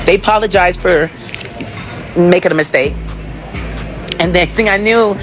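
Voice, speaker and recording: A woman's voice: on the low side, unhurried, pauses often, over music. Frustrated woman ranting into her phone. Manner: frustrated, confrontational, rambling. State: upset and teary. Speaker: passenger filming herself. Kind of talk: casual phone vlog.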